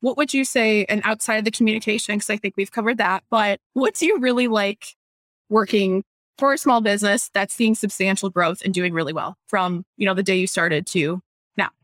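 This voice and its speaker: A woman's voice: mid-range voice, fairly quick, no room sound, studio quality. Chatty woman hosting a business podcast. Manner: chatty, animated, acts out quotes. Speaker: business owner and podcast host. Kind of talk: casual podcast chat.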